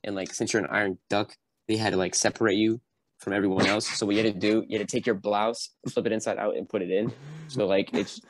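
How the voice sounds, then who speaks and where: Lively young man telling stories. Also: fast talker, noisy background. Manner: animated storyteller, acts out quoted voices with sudden high jumps, many fillers. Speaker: podcast guest, Marine recounting boot camp. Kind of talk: casual storytelling chat.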